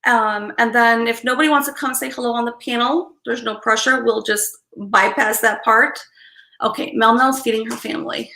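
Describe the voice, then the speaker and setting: Woman host, bright, slightly high voice, chatty and quick to laugh, echoey room. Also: fairly even intonation, creaky. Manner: chatty, apologetic, laughs easily. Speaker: livestream host doing card readings. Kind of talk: casual live-stream chat.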